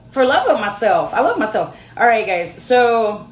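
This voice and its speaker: A woman's voice: mid-range voice, animated, unhurried, roomy sound. A young woman telling a rambling personal story to her viewers in a chatty, self-mocking way. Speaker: storyteller vlogger. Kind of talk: casual storytelling to camera.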